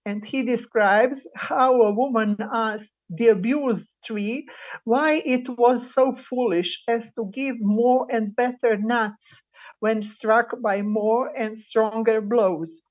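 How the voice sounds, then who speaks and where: Halting woman giving an academic talk. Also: fairly high pitch, steady tone, a little mellow, highs cut off. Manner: halting, many filler pauses while reading quotes. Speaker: conference speaker. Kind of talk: academic presentation. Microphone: video call.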